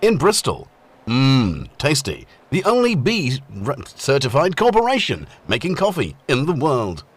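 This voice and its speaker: A man's voice: mid-range voice, huge pitch swings, a little slow, slight background noise. A middle-aged man hosting a live stream in casual chat, greeting viewers in the chat one by one. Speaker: livestream host.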